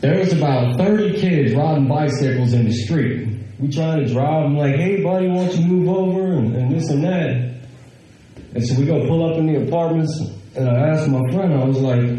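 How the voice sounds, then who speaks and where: A man telling a personal story in a casual, animated way, quoting other people and laughing as he goes. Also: medium pitch, slight background noise. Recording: very echoey room.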